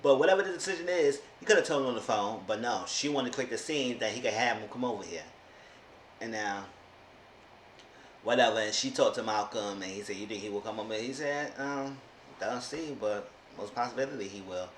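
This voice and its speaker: A man's voice: medium pitch, fairly quick. Sassy man ranting in an echoey room. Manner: sassy, exasperated, mimics people in quotes. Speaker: TV show reviewer. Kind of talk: casual recap commentary. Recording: echoey room with faint noise.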